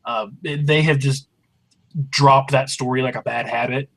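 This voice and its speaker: A male co-host of a wrestling review, chatting casually in a relaxed, agreeable but opinionated way. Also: medium pitch, moderate pace, creaky, poor audio. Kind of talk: casual chat.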